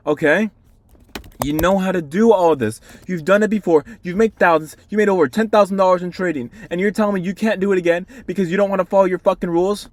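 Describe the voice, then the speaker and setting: A man's voice: sits high, normal speed, no room sound. A young man, a day trader, recording a frustrated video diary and scolding himself in the second person, swearing heavily. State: hungry. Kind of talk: self-talk video diary.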